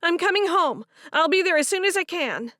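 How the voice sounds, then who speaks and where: A woman's voice: expressive, normal speed, dry recording, clean studio sound. A woman voicing a grieving young woman. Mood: distressed. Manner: high and loud, choked with distress. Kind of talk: audiobook character voice.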